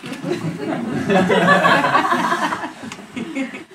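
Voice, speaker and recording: An actress playing a streetwise young woman in a stage monologue, animated and laughing as she acts out the people in her story. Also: sits high, drawn-out words, recorded from a distance, exaggerated voice. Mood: amused, lively. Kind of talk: stage monologue based on an interview. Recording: echoey stage recorded from afar, steady noise.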